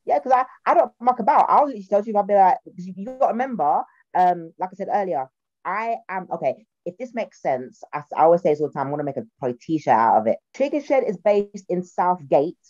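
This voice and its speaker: A woman's voice: on the low side, fast, no room sound, lo-fi sound. A young woman with a South London accent chatting casually, telling stories and acting out quoted voices. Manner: animated storyteller, acts out quotes in voices. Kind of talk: casual chat.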